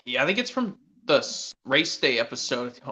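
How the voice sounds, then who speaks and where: A man chatting casually on a stream as a guest, speaking quickly with hesitant restarts. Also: medium pitch, sing-song, bright, forceful tone. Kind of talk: casual chat. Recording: lo-fi online voice chat.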